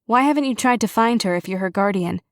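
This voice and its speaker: A woman narrator voicing a curious young woman investigator who reasons aloud briskly. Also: medium pitch, no room sound, clean studio sound, lightly acted. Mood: thoughtful. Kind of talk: audiobook character reading.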